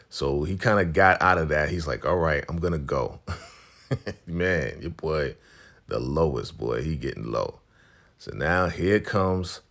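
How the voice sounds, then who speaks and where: A man with an extremely low voice walks through a TV episode in a casual, animated way. There is a gravelly fry in his voice, and he keeps slipping into the characters' lines as he retells each scene. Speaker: recap show host.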